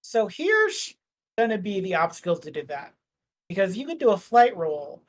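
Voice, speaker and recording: A man's voice: high voice, big pitch swings, moderate pace, a little hiss or hum. A man running a tabletop game as game master, describing the scene in a loose, rambling way full of "like" and "uh". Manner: rambling, filler-heavy, jokey.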